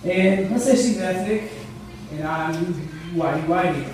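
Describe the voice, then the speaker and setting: A man's voice: high voice, measured pace, a little mellow. A man in his thirties doing a rambling, profane stand-up set, laughing at his own jokes. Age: 30s. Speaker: stand-up comedian. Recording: echoey room, mic far off.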